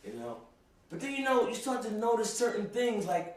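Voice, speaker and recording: In a very echoey room, well away from the mic, a young man delivers a meandering comic rant to camera. His high voice swings widely in pitch at a moderate pace, and he keeps stumbling, repeating himself and saying "you know."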